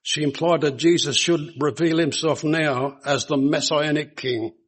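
A man's voice: a little high, fairly even intonation, a little slow, husky, low-quality recording. A man preaching a sermon to a congregation, speaking earnestly and putting rhetorical questions to his listeners.

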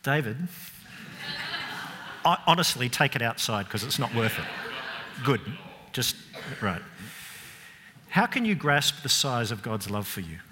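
A man preaching a sermon, expressive and emphatic, asking rhetorical questions and dropping to softer moments. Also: medium pitch, unhurried, long pauses, background noise. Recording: long hall reverb.

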